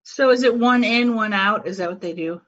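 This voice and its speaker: A woman in casual podcast chat, joking in a dry, deadpan way. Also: mid-range voice, moderate pace, lo-fi sound.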